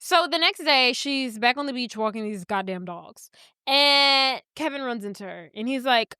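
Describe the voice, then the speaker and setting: A woman's voice: high voice, expressive, normal speed, sharp tone, clear, resonant tone, dry recording, clean studio sound. A woman co-hosting a podcast, chatting casually as she recaps a movie and acts out the characters' lines. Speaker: podcast co-host.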